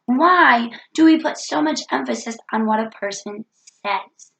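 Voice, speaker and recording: Woman, has a cold, earnest self-help vlog, gravelly fry, echoey room. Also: on the high side, unhurried, a bit bright. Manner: earnest, preachy, repeats key phrases. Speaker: vlogger.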